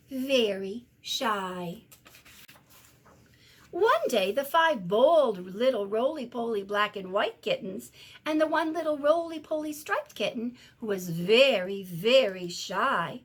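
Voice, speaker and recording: A middle-aged woman, a teacher, reading a children's picture book aloud in an expressive sing-song way. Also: sits high.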